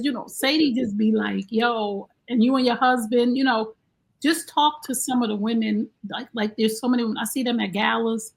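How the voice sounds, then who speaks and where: A woman hosting a podcast in casual chat, animated and slangy as she hypes up her guest. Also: a little high, moderate pace. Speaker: podcast host.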